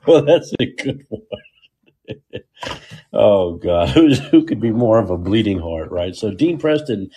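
A man rants through a political commentary show, his pitch swinging widely as he mocks and scoffs. His voice is dark and a little husky, and laughter keeps breaking into the talk. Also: huge pitch swings, takes it slowly, pauses often. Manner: sarcastic, ranting, mocking; laughs often. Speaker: podcast host.

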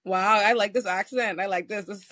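A woman from the West Indies hosting a live call-in podcast, an attorney who talks in an animated, teasing, slangy way. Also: medium pitch, normal speed, dry recording. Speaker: host and attorney.

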